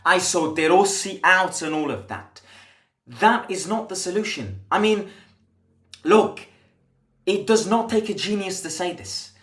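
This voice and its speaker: A man's voice: high voice, lively intonation, unhurried, a bit bright. Passionate man ranting in an echoey room. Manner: emphatic, rhetorical questions, frequent restarts. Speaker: football fan channel host. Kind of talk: impassioned fan commentary rant.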